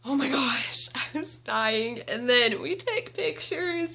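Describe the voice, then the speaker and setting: A young woman vlogging at home, telling an excited story with giggles and gushing fangirl energy. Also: high voice, slow. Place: indoors at home.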